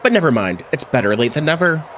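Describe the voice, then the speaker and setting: A man's voice: fairly high pitch, very animated, quick pace, a bit bright, slight background noise, pitched above the performer's own voice. Emmerich, a pompous little inventor, read by a man. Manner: pompous, self-important. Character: boastful, greedy little inventor.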